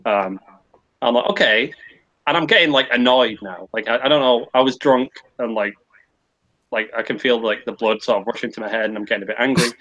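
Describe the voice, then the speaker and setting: A podcast co-host with a medium-pitched, slightly bright voice talks a little fast as he tells a long, rambling story, swearing often and restarting his sentences. The audio has its highs cut off.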